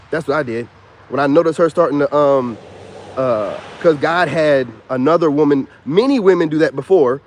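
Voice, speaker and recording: A man's voice: on the high side, darkish tone, no echo. A man in his thirties talking in a casual vlog monologue, emphatic and repetitive with a slangy delivery. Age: 30s. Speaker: YouTuber.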